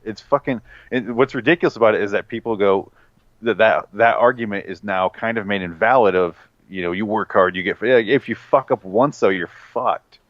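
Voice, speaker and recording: A man's voice: lowish voice, brisk, dry recording, highs cut off. A man hosting a podcast, talking bluntly and swearing through opinions. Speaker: podcast host. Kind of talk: casual chat.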